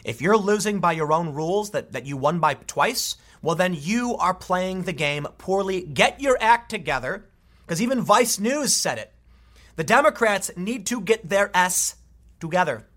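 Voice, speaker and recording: A man in his thirties giving opinionated news commentary, sarcastic and exasperated, with quick asides. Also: high voice, lively intonation, fairly bright tone. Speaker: political commentator.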